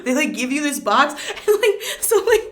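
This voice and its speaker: A young woman, a comedian, telling a story in casual chat. She is animated, laughs often and swears freely. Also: high-pitched, moderate pace, a loud crowd. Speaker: comedian guest.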